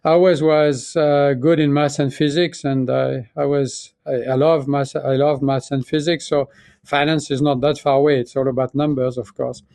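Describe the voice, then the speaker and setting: A man's voice: medium pitch, little pitch movement, vocal fry, a little mellow, no echo. French-accented man with a dry voice. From France. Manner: reflective, halting with frequent restarts and fillers. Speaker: guest, pharmaceutical chief executive. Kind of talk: conversational interview.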